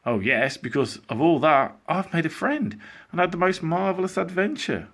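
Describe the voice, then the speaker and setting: A man's voice: a little high, expressive, moderate pace, a bit bright, voice pushed up. A man voicing an earnest, hopeful little boy in an eager voice.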